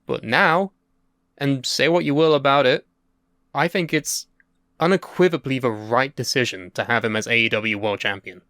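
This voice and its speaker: Smooth-voiced young man. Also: mid-range voice, moderate pace, a bit bright, dry recording, clean studio sound. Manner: sweary, wry, opinionated. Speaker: podcast co-host. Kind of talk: casual podcast chat.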